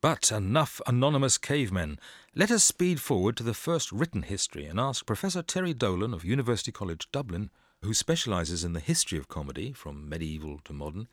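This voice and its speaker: A man's voice: lowish voice, sing-song, fast talker, dry recording. A man presenting a scripted radio programme with dry, wry humour.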